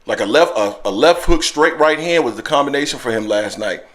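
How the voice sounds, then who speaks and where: A man from the American South with a slight Southern accent, hosting a casual call-in boxing show in a relaxed, slangy way. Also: mid-range voice, brisk. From Southern US, Florida. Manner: relaxed, laid-back slang.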